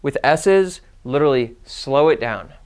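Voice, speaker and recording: A young adult man giving a casual, fast-paced sales lesson, explaining how to sell to different personality types and acting out lines he would say to customers. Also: mid-range voice, animated, a little mellow, smooth. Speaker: sales trainer. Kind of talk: instructional talk with role-played sales lines.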